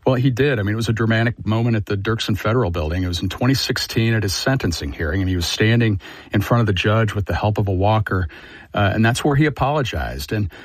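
A man, a politics editor, recounting a story in a measured, conversational way in a radio news interview. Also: fairly low pitch, expressive, no room sound.

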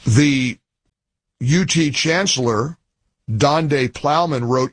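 A man hosting an opinion commentary monologue, talking emphatically and indignantly and building his points through repeated phrases and pauses. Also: fairly high pitch, animated, breathy edge, dry recording. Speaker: political commentary host.

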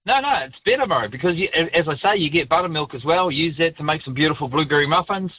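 A New Zealand man calls in to a radio show, blunt and matey, with mate in every other line. His voice sits fairly high. The sound is dull and muffled, like a phone line into the studio. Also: lively intonation, fast, slightly rough. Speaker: caller, chef. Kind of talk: talkback radio call.

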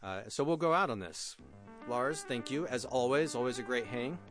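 A man's voice: mid-range voice, moderate pace. A middle-aged man hosting a radio music show, chatting casually and enthusiastically about songs, often laughing at himself.

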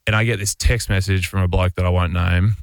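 A man's voice: low voice, a little fast, dry recording. An Australian man, a basketball player, telling a story casually on a radio show, rambling with lots of fillers and restarts. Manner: rambling, relaxed, full of "like" and restarts.

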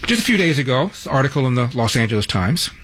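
A man's voice: medium pitch, sing-song, fast talker, fairly bright tone. A man hosting a talk radio show, delivering news items with wry, sarcastic asides from a studio.

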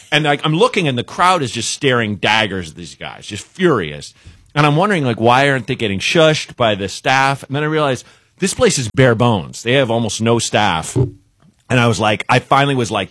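A man's voice: mid-range voice, animated, moderate pace, a bit bright, no echo. A man who is a stand-up comedian, telling a comic story as a guest on a radio show and laughing through his own punchlines, recorded on a studio microphone.

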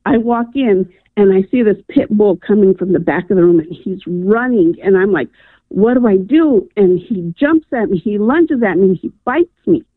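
A woman's voice: medium pitch, animated, moderate pace, hardly any pauses, dry recording. A woman calling in to a radio show and earnestly telling a personal story, with lots of "um" and "I'm like.". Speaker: radio caller. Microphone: telephone. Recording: tinny phone line, dry.

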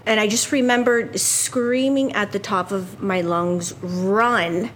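A woman survivor recounting a building collapse slowly and emotionally in an interview. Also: medium pitch, steady tone, a bit bright, slight background noise. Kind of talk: recorded interview.

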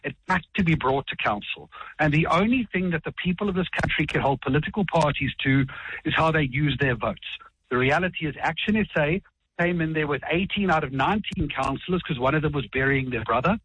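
Husky South African man, assertive rebuttal. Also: a little high, a bit bright, lo-fi sound. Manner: assertive, rapid rebuttals, quotes rules. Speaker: political party spokesman. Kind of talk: broadcast political debate.

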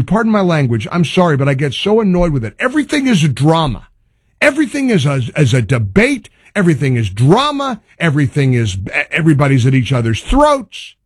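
A man's voice: high voice, slightly rough, dry recording, studio quality. A man hosting a talk radio show, delivering an exasperated, rambling monologue.

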